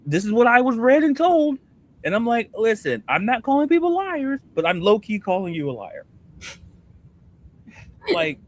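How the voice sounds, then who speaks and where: A man co-hosting a sports podcast, ranting in a casual, animated way and firing off rhetorical questions. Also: very high voice. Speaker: podcast co-host.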